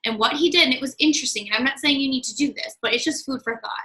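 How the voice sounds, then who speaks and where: A woman's voice: sits high, racing, bright, forceful tone, poor audio. A woman leading her sales team in an emphatic motivational talk, repeating her key points. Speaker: team leader of a sales business.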